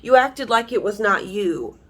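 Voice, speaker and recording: A woman's voice: mid-range voice, lively intonation, a little slow, a bit bright. Heated, frank woman vlogging. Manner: frank, heated, swears freely, many fillers. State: emotional. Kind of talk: emotional personal vlog talk.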